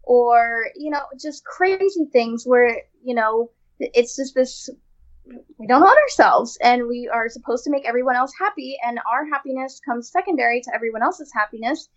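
A woman's voice: on the high side, lively intonation, normal speed, lo-fi sound. A woman in casual conversation, making an earnest point with long lists of examples. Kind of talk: casual chat.

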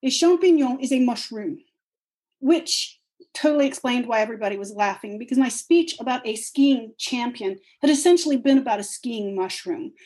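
A woman telling a funny personal story with a wry, lively manner. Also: a little high, rough recording. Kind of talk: personal story told on stage.

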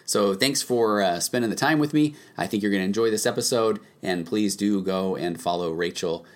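A man's voice: lowish voice, normal speed. A man hosting a podcast, casually reading his intro and sponsor spots with frequent ums. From United States. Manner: relaxed, with frequent ums and uhs. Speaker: podcast host.

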